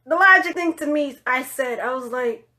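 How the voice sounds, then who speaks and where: A woman with a high voice tells a personal story off the cuff, rambling and full of "like" and "you know". She is blunt and swears freely. Her phrases often sink into a quiet mutter at the end. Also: moderate pace. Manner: drops to low murmurs at the end of phrases. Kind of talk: casual storytime monologue.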